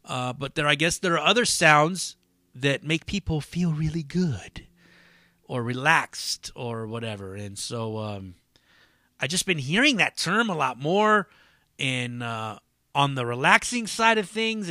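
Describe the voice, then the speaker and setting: Profane, rambling man with a lively voice. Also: a little high, a little slow, dry recording, studio quality. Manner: rambling, profane, lots of fillers. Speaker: podcast host. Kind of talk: casual solo podcast monologue.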